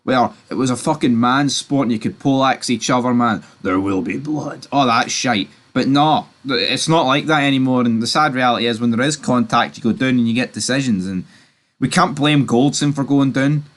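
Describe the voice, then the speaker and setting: A man's voice: medium pitch, steady tone, fairly quick. A man, ranting about football in a reaction vlog, swearing and talking in fired-up bursts. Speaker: football vlogger.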